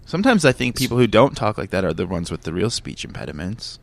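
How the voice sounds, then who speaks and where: A man's voice: fairly low pitch, sing-song, quick pace, creaky. A man co-hosting a podcast in casual chat, wry and rambling with jokey asides. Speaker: podcast co-host.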